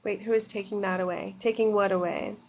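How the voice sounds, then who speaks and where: Talking fairly quickly, an American livestream host in her thirties reads comments aloud and fires back bluntly, opinionated and swearing often. Her mid-range voice has fairly even intonation, with slight background noise behind it.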